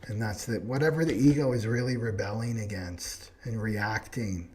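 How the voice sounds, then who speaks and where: A man's voice: lowish voice, normal speed, few pauses. A man teaching a live astrology class in an earnest spiritual tone, often checking in with the listener. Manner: earnest, keeps asking "right?". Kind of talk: live online class talk.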